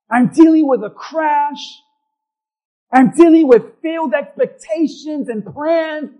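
Very high-voiced male pastor preaching. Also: darkish tone, low-quality recording. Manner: storytelling, calls for a response from the congregation. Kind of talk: sermon.

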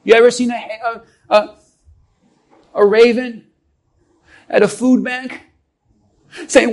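A man's voice: extremely high pitch, little pitch movement, slow pace, long pauses, low-quality recording. A man preaching a sermon as a pastor, emphatic and calling on the congregation to respond.

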